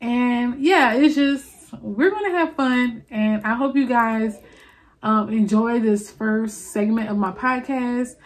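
A woman in her late twenties with a New Orleans accent, hosting a casual solo confessional podcast, rambling warmly with many fillers and restarts and calling her listeners y'all. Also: a little high, slow. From New Orleans, USA. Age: 20s. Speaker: podcast host.

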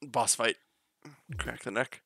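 A man's voice: mid-range voice, fairly even intonation, takes it slowly, vocal fry, music in the background. A man streaming a game live, chatting casually, laughing often and thanking viewers.

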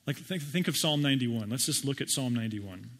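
A man's voice: mid-range voice, lively intonation, fairly quick, fairly bright tone. A middle-aged man preaching a sermon, conversational and stumbling over repeated words, lifting his voice to read scripture aloud. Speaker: pastor.

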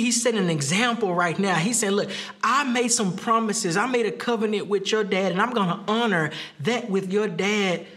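Male pastor, very high and bright voice, lively preaching style with frequent laughter. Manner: animated preaching with laughs and repeated phrases; acts out quoted speech with rising pitch. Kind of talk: sermon.

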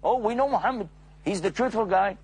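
A man putting on a high, excited crowd of townsmen. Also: a little fast, husky. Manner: high, shouting, overlapping calls.

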